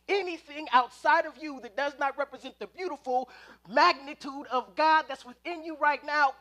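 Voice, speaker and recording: Guy preaching, telling stories, acting it all out, goes loud then real quiet, very high voice. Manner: animated, acting out scenes, swings from loud to hushed. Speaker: preacher at a spiritual center. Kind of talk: sermon with storytelling. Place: live church service.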